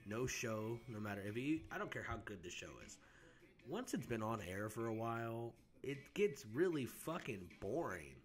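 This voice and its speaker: A man hosting a casual live stream from home, rambling and swearing freely, high on cannabis and clearing his throat often. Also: very animated, normal speed. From United States. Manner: rambling, profane, laid-back, frequent throat clearing.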